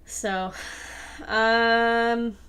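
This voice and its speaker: A woman's voice: on the high side, fairly even intonation, extremely slow, a bit bright, clean tone. A woman hosting a casual livestream Q&A, reading out audience questions in an easygoing way. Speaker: host and creator of the audio drama.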